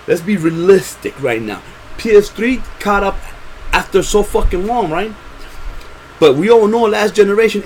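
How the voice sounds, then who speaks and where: Fired-up high-pitched man ranting. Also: darkish tone, a little hiss or hum. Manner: profane, passionate, many repeated words and fillers. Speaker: gaming vlogger. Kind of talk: unscripted rant to camera.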